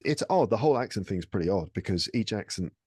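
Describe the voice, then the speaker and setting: A man from England on a casual podcast, an animated storyteller who acts out quoted speech. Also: lowish voice, fast, slightly rough, dry recording, clean studio sound. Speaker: podcast guest, English teacher and comedian. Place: lives in France.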